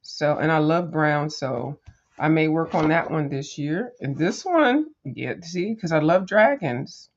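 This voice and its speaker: A woman's voice: low-pitched, lively intonation, unhurried, dull audio, a little hiss or hum. A woman hosting a coloring video, chatting casually and rambling as she flips through pages, with lots of fillers and sassy asides to viewers. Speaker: coloring channel host. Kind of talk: casual chat while flipping through a coloring book.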